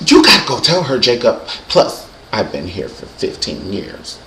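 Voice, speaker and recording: A man's voice: on the low side, huge pitch swings, moderate pace, pushed and bright, a little hiss or hum, exaggerated voice. Man putting on a fussy woman producer, bickers on and on, roomy echo. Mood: arguing. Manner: insistent, wordy complaining.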